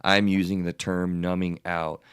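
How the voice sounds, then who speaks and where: Animated low-voiced male podcast host. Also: a little slow, clean tone, no echo, clean studio sound. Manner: animated, wordy, repeats himself. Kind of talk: casual podcast discussion.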